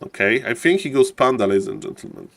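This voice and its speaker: A man's voice: mid-range voice, lively intonation, fast, creaky. Showy non-native man casting a game. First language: not English. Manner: showman-like, keeps repeating "ladies and gentlemen"; chatty, greets viewers and jokes with chat. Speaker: streamer and game caster. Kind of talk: live esports commentary.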